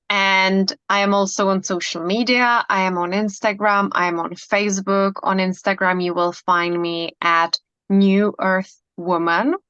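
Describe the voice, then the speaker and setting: A woman's voice: medium pitch, fairly bright tone, smooth, no room sound. A woman speaking as a hypnotherapist guest in a casual interview, earnest and enthusiastic, with many fillers. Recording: dull lo-fi dry sound.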